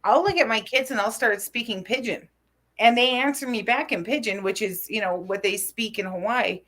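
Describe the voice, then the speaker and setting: A woman's voice: a little high, moderate pace, a bit bright. Rambling woman in her forties from New Mexico. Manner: rambling, tangent-filled storytelling. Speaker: co-host. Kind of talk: casual chat.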